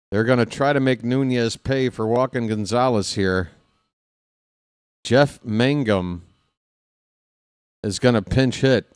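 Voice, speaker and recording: In studio quality with no echo, a man with a smooth, lowish voice calls a baseball game as a partisan fan, chatting with viewers and growing excitable on big plays. His voice is starting to get tired.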